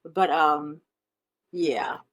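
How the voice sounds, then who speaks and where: Woman from nebraska, bit low voice, chatty and excited, lots of ums, interview guest. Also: drawn-out words. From Omaha, Nebraska, US. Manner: chatty storyteller, enthusiastic, frequent ums. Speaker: guest, Broadway performer. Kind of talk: casual interview chat.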